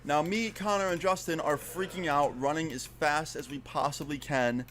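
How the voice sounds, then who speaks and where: A man's voice: on the high side, moderate pace, fairly bright tone, slight background noise. A young man casually retelling a frightening story, swearing often and leaning on fillers. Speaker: storyteller in a played video.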